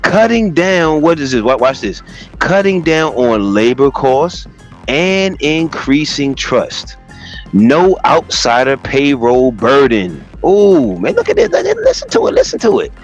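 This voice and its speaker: A man's voice: a little high, a little slow, vocal fry, muffled recording. Guy livestreaming, reads stuff out then goes off cussing, voice jumps all over, bit of music under it. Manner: animated, profane, reads a text aloud and riffs on it. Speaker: livestream host. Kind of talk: casual commentary reading aloud.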